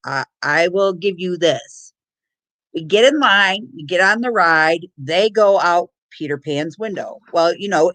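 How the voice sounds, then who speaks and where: A woman telling a funny family story in casual chat, lively and laughing. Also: lowish voice. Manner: lively, laughing, acts out shouted quotes.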